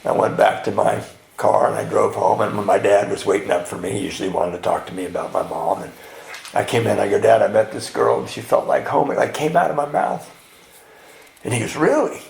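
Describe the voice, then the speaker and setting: A man telling his recovery story at a men's retreat, animated and laughing, acting out the people in it. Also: fairly low pitch, fairly quick, gravelly. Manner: animated storyteller, acts out voices, laughs often. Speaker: retreat speaker. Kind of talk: personal recovery testimony with humor. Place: retreat meeting hall. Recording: echoey hall with faint background noise.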